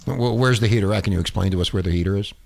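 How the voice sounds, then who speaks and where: Man, radio host, low voice, crude joking banter, laughs a lot. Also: creaky, mellow, a little hiss or hum. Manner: teasing, foul-mouthed, laughs often. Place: radio studio.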